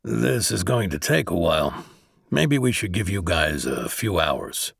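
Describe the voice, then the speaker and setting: A man voicing a calm male officer, speaking low and easygoing. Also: unhurried, creaky, slightly rough, dry recording, studio quality, full character voice.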